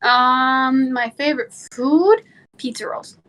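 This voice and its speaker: A woman chatting as an interview guest, talking quickly and laughing easily. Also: high voice, a bit bright. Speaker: guest, content creator. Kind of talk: casual interview chat.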